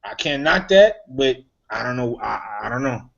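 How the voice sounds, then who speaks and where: A man's voice: mid-range voice, expressive, normal speed, gravelly, fairly bright tone. A young man co-hosting a podcast in casual chat, playful and slangy, joking with his friends. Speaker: podcast co-host. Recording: dull lo-fi podcast audio.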